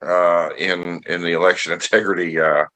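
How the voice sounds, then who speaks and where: A man speaking as a guest on a live online Q&A, halting with many restarts and fillers. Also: sits low, level tone, bright, forceful tone, low-quality recording. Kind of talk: casual livestream interview.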